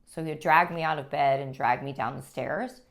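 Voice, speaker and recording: Low-voiced woman giving earnest testimony. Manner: earnest, halting, with frequent restarts. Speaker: guest sharing her life story. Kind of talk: personal testimony.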